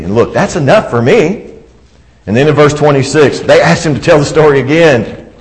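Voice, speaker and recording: A man delivers a sermon with fervent conviction, his voice swinging widely from quiet, intimate asides up to emphatic, ringing peaks. He reads scripture aloud and acts out its speakers along the way, at a middle pitch. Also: lively intonation, moderate pace, low-quality recording. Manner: impassioned, rises to emphatic peaks and drops to soft asides. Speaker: preacher.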